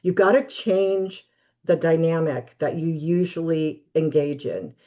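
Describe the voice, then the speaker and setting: Woman giving steady practical advice. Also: deep voice, a little slow, lo-fi sound. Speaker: guest expert on relationships. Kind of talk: webinar interview.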